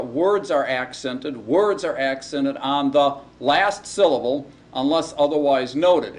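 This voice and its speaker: A man delivers a recorded classroom lecture on Hebrew grammar in a mid-range voice. He talks in a halting way, filling pauses with ums and restarting sentences. A faint noise hangs behind the recording. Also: mid-range voice. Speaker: Hebrew instructor.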